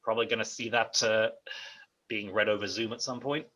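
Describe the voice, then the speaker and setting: A man's voice: lowish voice, fairly even intonation, a little fast, sharp tone, low-quality recording. An Irish man hosting a casual chat, making dry joking asides. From Ireland. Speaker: host.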